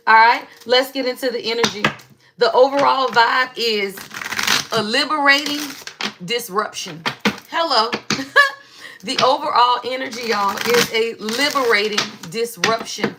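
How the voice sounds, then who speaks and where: Woman spiritual stream host, bright and a bit high, loud, profane, slangy chat. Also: a little hiss or hum. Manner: loud, slangy, profane and animated, often asks "right?" and "y'all". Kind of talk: casual live stream spiritual guidance.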